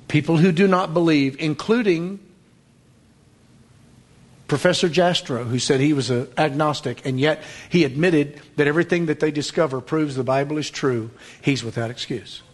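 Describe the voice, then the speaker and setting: Man, preacher, sermon-style lesson, emphatic, fairly high voice, drops to a hush at times. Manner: emphatic, slows for stress, drops to a whisper at times.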